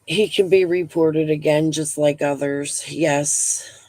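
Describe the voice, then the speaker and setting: A woman's voice: sits low, fairly even intonation, slow pace, dark tone, no echo. A middle-aged woman hosting a casual live stream. She talks bluntly, rambles, swears freely and breathes heavily.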